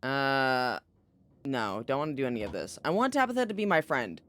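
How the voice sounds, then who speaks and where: A tired streamer chatting casually while playing a story game, animated and joking, with some swearing. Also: medium pitch, moderate pace. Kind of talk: casual let's-play commentary, reading game text aloud.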